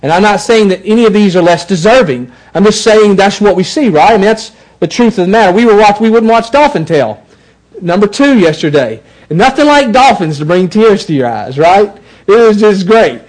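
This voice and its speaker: A man preaching a sermon as pastor, emphatic, repeating words and swinging between loud and soft. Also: sits high, very animated, moderate pace, poor audio.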